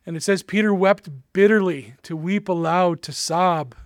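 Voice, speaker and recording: Guy preaching a sermon, earnest n emphatic, a bit high pitched, dry sound. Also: normal speed, no echo.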